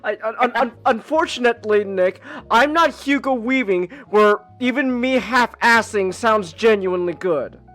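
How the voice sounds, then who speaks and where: A man hosting a live stream, chatting casually and excitably while gaming, swearing freely. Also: sits high, normal speed, hardly any pauses, soft background music. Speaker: streamer and podcast host.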